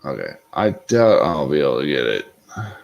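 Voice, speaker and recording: A man's voice: a bass voice, very animated, normal speed, gravelly, muffled recording. A man hosting a casual livestream recap, rambling and swearing freely as he talks to his chat. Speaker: livestream host recapping a show episode. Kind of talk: casual unscripted live-stream chat.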